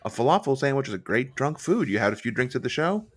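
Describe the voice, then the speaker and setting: A man's voice: medium pitch, fast talker. A man co-hosting a podcast, chatting casually and goofing around with joke voices. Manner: goofy, animated, does joke voices. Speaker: podcast co-host. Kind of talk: casual chat.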